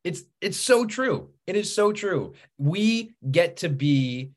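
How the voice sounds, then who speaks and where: A man in his thirties, a guest author chatting in an interview, telling anecdotes with lively acted-out quotes. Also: high-pitched, takes it slowly. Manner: animated storyteller, acts out quoted voices. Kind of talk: casual conversational interview.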